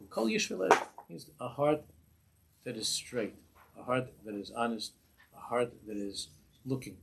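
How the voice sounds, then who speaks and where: A man giving an informal Torah class as a rabbi, lively and humorous, laughing at his own examples and mixing in Hebrew and Yiddish terms. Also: medium pitch, vocal fry, husky. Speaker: rabbi teaching a weekly class.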